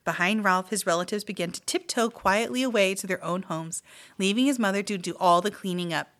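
Woman, children's book read-aloud, expressive, lively, mid-pitched. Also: a little fast. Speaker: mystery reader.

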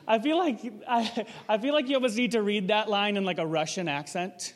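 High-voiced man preaching casually. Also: a little fast, few pauses, in a large hall. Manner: casual, conversational preaching with rhetorical questions. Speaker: pastor. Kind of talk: sermon.

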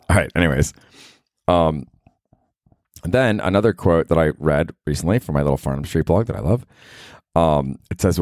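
A man's voice: extremely low pitch, animated, normal speed, long pauses, darkish tone, no echo, clean studio sound. A man hosting a solo comedy podcast, rambling casually in a slangy, laid-back way.

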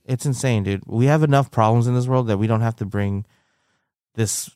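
A young man in casual podcast chat, animated and quick to laugh, peppering his talk with "dude" and "like". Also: mid-range voice, no room sound, clean studio sound. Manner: animated, laughs often, says dude and like a lot.

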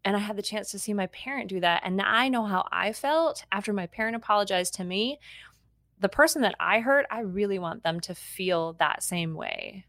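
A woman of middle pitch hosts a parenting podcast and lays out each step clearly. She sounds encouraging and instructive. The sound is dry and close-miked. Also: big pitch swings, normal speed, a bit bright, no echo. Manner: encouraging, explains steps clearly. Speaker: parenting podcast host and educator.

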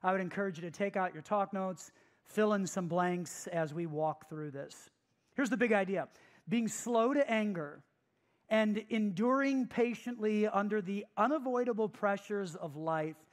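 Slow, emphatic pastor teaching a sermon. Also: mid-range voice. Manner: emphatic, repeats key phrases and asks the listeners questions.

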